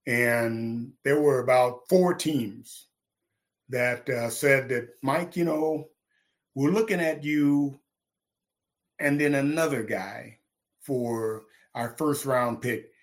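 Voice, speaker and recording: A middle-aged man from Texas, a former football linebacker, telling his story in an interview with lively, acted-out quotes. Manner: animated, acts out quotes with big pitch jumps, laughs.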